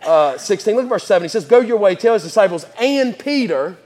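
A man with a high, light voice preaches a sermon in a reverberant church hall. His delivery is folksy and conversational, full of laughs, asides and repeated words. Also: lively intonation, a little fast, a little mellow.

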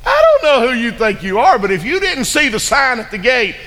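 A gruff, rough-voiced giant of a lumberjack, burly and broad, as a preacher puts him on in a sermon. The voice sits high and bright. It rings with long hall echo. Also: male voice, huge pitch swings, brisk, exaggerated voice. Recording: echoey hall reverb.

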